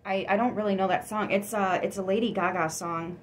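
Chatty excitable woman reading tarot. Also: mid-range voice, brisk. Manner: chatty, excitable, gasps and laughs often. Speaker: tarot reader.

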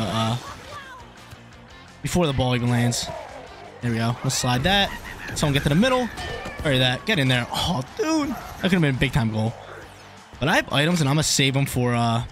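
A young man giving live commentary over his own online soccer game, excitable and swinging between hype and frustration. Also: mid-range voice, brisk, long pauses, music in the background. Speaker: gaming YouTuber.

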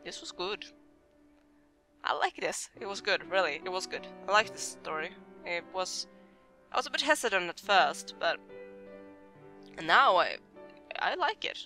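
A let's play host who reads a narrative game's text aloud slowly and dramatically, then chats with excitement about the game. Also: medium pitch, soft background music.

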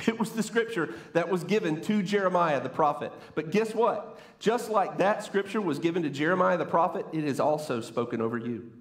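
A man preaching a sermon from a church stage, playful and conversational, teasing the congregation as he talks. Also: fairly high pitch. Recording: roomy church echo.

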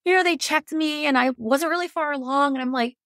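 Woman, 30s, from Virginia, podcast guest; frank, animated storyteller who quotes herself; dry close recording. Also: sits high, a little fast, no room sound. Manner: animated, quotes herself and others, laughs often; frank, swears casually. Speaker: podcast guest telling her birth story. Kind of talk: casual storytelling.

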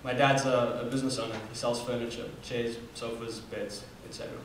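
A man's voice: medium pitch, fairly even intonation, brisk. Young man, earnest student speaker, from Namibia; recorded in a very reverberant hall from a distance, faint room hum. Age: 20s. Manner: earnest storytelling with fillers and restarts. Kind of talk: personal story talk. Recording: echoey hall from far off.

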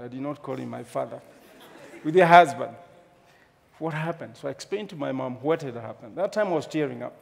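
A man's voice: a little high, gravelly. Kenyan man telling a story on stage. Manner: humorous, animated storyteller. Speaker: speaker. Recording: long hall reverb.

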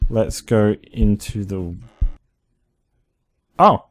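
Low-voiced man reacting to a horror game. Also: extremely slow, pauses often. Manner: excitable, swears, reacts loudly. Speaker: gaming channel host. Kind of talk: horror game let's play commentary.

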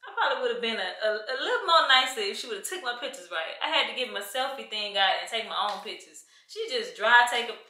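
A woman's voice: on the high side, lively intonation, quick pace, hardly any pauses, bright, forceful tone, no echo, rough recording. A young woman, chatting casually to the camera in a vlog and complaining to her viewers. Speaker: vlogger.

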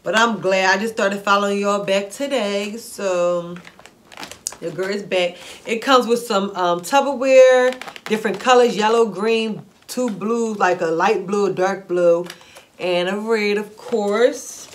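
A woman vlogger chatting excitedly through a shopping haul, gushing and repeating herself with delight. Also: medium pitch, measured pace. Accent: Philadelphia-area African American English. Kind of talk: excited haul video chat.

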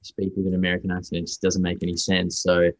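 A man's voice: low voice, fast, no echo. A young Australian man, an actor guest, telling stories in a casual interview with rambling restarts. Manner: rambling, restarts often, lively storytelling.

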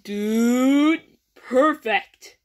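A woman's voice: on the high side, drawn-out words. A woman improvising a goofy comedy skit for her toy characters, rambling along with many false starts. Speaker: creator voicing toy characters.

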